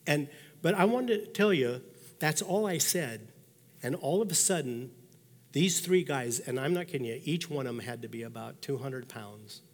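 A man in his sixties preaches a sermon as a pastor, spinning personal stories in a folksy way and voicing the thoughts he quotes. His mid-pitched voice rings out with a long reverb from a large hall. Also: moderate pace.

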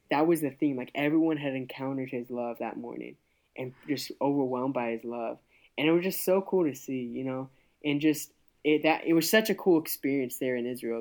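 A young man, a youth pastor, telling his story in a casual interview, earnest and halting with many restarts. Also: medium pitch.

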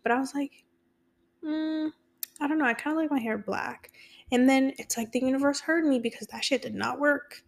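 A young woman with a slightly high voice talks through her week on her own podcast. She is chatty and candid, and swears casually as she goes. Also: normal speed, gravelly. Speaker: podcast host. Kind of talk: casual solo podcast chat.

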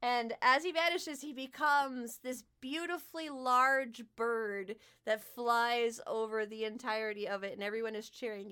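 A woman narrating a tabletop game as game master, vivid and expressive. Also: a little high, clean tone. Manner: expressive, vivid storytelling with fillers.

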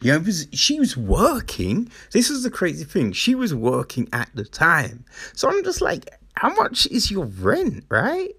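A man's voice: on the high side, wildly swooping pitch, normal speed, few pauses, sharp tone, husky. A man ranting casually to camera, swearing freely as he tells exasperated stories.

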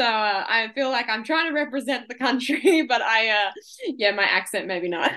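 A woman's voice: on the high side, lively intonation, moderate pace, pushed and bright. A woman in her twenties from Australia, a guest in an interview who chats casually, rambles freely and laughs often. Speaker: guest, ultra runner.

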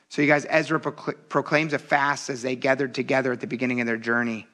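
A man's voice: mid-range voice, flat delivery, fast, few pauses, pushed and bright. A man in his thirties preaching a sermon, talking conversationally and with animation, addressing the congregation directly as "you guys.". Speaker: pastor.

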